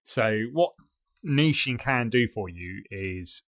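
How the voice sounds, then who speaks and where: A man with a lowish voice chats loosely on a podcast, circling his point through plenty of ums and restarts. The sound is close and dry, with no room around it. He comes across as easygoing and conversational. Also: animated, slow, fairly bright tone, dry recording. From United Kingdom. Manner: rambling, hesitant, filler-heavy. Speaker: podcast co-host. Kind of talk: casual chat.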